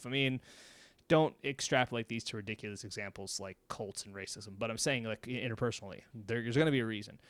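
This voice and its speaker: Blunt, chatty man with a smooth voice. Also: medium pitch, fast talker, dry recording. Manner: blunt and chatty, peppered with "okay?" and mild swearing. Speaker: mental health video host. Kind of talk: casual talk to camera. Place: home room.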